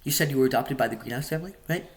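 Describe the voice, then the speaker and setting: A man's voice: medium pitch, rapid-fire, natural voice. A man voicing a friendly, easygoing teenage boy who is new at school. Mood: curious.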